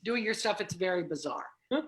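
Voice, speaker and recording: A woman's voice: lowish voice, expressive, fairly quick. A woman contestant on a video call game show, blunt and wisecracking in casual chat.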